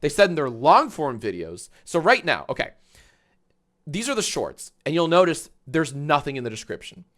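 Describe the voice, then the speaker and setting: A man's voice: a little high, sing-song, normal speed, fairly bright tone. A man hosting a casual livestream, reacting to videos with sarcastic, profane rants. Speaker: livestream host.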